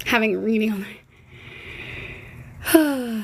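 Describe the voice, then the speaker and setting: A woman's voice: on the high side, slow, slight background noise. Chatty woman gossiping on a livestream. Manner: gossipy, speculating, reads and answers comments; cheeky, playful asides. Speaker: livestream host. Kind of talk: casual live-stream chat.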